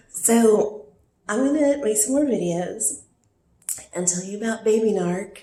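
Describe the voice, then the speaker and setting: A woman vlogging about a painful relationship, teary and worn from crying, talking in a raw, rambling way with throat-clearing. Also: medium pitch, expressive, a little slow, long pauses, mellow, reverberant. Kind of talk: emotional personal vlog confession.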